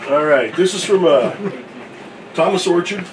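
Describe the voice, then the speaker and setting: A man's voice: high voice, lively intonation, measured pace, distant mic, very noisy. A man on a casual morning show reading a viewer's email aloud, cursing and joking as he stumbles through it. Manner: profane, joking, reads with stumbles.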